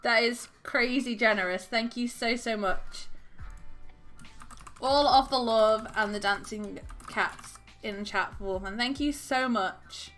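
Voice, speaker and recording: A woman's voice: a little high, slow pace, fairly bright tone, faint music behind. A woman hosting a live stream, chatting with viewers, laughing often and gushing with overwhelmed thanks. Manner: giggly and effusive, laughing often. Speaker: livestream host.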